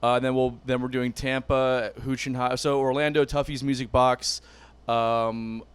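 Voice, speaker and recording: A man's voice: medium pitch, level tone, normal speed, smooth, dry recording. A man co-hosting a podcast in loose, profane casual chat, full of "bro" and "like". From Cuban family. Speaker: podcast co-host and band member.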